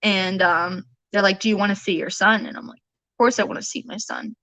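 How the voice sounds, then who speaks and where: A woman in early adulthood gives a personal account in a podcast conversation, acting out what others said to her. Her voice is bright and forward. The recording is dry and close. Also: mid-range voice, steady tone, a little fast, no echo, poor audio. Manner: earnest, retelling events with quoted dialogue. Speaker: guest, bereaved mother.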